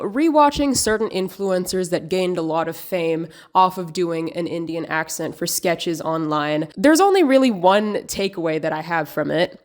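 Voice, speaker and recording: A woman's voice: fairly low pitch, darkish tone. A woman, from the United States, giving scripted video essay commentary with dry, sarcastic humor.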